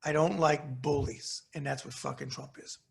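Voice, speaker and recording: A middle-aged man with a New York accent rants at the camera, blunt and heated and swearing freely. His voice is gravelly and husky, sitting a little high for a man. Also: fairly even intonation, normal speed. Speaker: commentary show host. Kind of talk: angry profane rant to camera.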